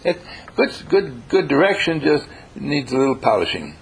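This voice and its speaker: A man teaching a small class, his voice gravelly and a little husky. He talks through students' writing with gentle, wandering critique and plenty of pauses. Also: mid-range voice, big pitch swings. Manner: gentle, meandering critique with frequent hesitations. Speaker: workshop teacher.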